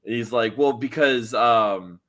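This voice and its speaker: A man, a guest band member, telling animated stories in a casual podcast chat, swearing and repeating himself. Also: mid-range voice, measured pace. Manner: animated storyteller, swears freely, repeats words.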